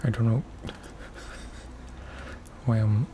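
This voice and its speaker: A man streaming a game for relaxation, talking softly in unhurried, musing asides. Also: on the low side, steady tone, a little hiss or hum. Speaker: gaming ASMR streamer. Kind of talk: soft-spoken gameplay commentary.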